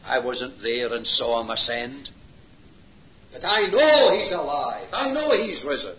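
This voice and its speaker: A preacher delivering an impassioned sermon, swinging between hushed and loud passages. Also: male voice, medium pitch, big pitch swings, a little slow. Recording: lo-fi roomy hall recording.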